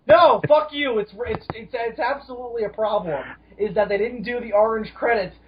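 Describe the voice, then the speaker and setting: A man's voice: very high voice, moderate pace. A man co-hosting a casual film discussion podcast, emphatic and profane, ranting at times. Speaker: podcast co-host. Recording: dull lo-fi audio.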